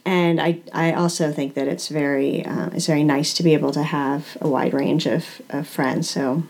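A woman's voice: sits low, fairly even intonation, normal speed, darkish tone. A woman hosting a casual interview, asking questions in a friendly, encouraging way. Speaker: interview host.

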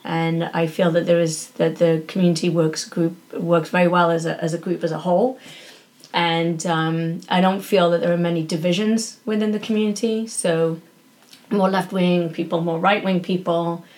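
A woman's voice: on the low side, little pitch movement, normal speed, a little mellow. A woman from England, a doctor speaking as a guest in a casual interview and telling stories in an earnest, reflective way.

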